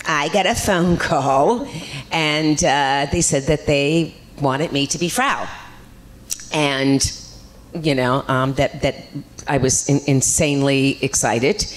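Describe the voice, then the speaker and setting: A woman, an actress at a convention panel, telling lively, rambling stories about her career. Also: low voice. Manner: chatty, rambling, lively storytelling.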